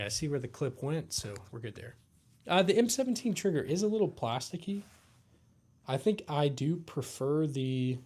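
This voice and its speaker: A tired man from the United States hosting a casual live Q&A stream, talking in a laid-back, halting way with many fillers and restarts. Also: mid-range voice, a little mellow. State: tired, yawning. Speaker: livestream host.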